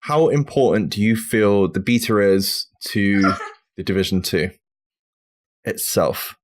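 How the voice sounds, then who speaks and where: A man's voice: on the low side, slow. A man from the UK hosting a casual gaming podcast with friends, running the segments and swearing freely in the banter. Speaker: podcast host.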